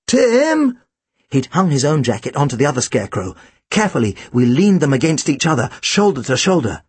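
A man's voice: a little high, husky, no echo. A man reading a first-person storybook aloud with a dry, wry delivery. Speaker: audiobook narrator.

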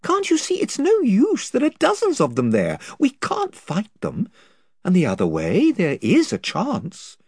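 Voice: mid-range voice, huge pitch swings, a little slow, a little mellow, breathy edge, no echo, clean studio sound, pitched above the performer's own voice, exaggerated voice. A reader voicing a brave, earnest young girl. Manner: earnest, determined.

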